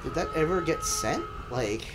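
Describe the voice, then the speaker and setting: Excitable joking man co-hosting a game. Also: on the high side, normal speed. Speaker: let's play co-host. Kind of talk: casual game commentary. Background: game music.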